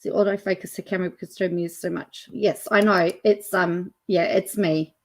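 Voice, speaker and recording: A woman's voice: on the low side, steady tone, moderate pace. A woman hosting a casual reaction video, amused and chatty.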